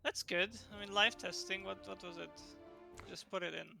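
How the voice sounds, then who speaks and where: A man, a game developer, chatting casually on a livestream and explaining things in a relaxed way with fillers. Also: sits high, moderate pace, vocal fry, soft background music.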